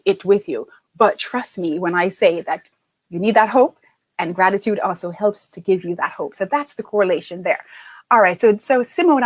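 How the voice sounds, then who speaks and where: A woman's voice: medium pitch, no echo. A middle-aged woman coach giving a live-stream talk, answering viewer comments in a chatty, encouraging way and often adding "right?". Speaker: confidence and leadership coach.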